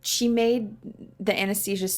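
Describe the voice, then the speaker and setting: A woman co-hosts a podcast in loose, casual chat. She talks candidly and chattily at a middle pitch. She often trails off mid-thought and starts again. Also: steady tone, moderate pace. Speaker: podcast co-host.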